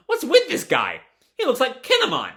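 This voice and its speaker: A man's voice: very high voice, huge pitch swings, moderate pace, pushed and bright, voice pushed up, exaggerated voice. A man voicing a reckless, cheerful young male pirate while reading a comic aloud. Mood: playful.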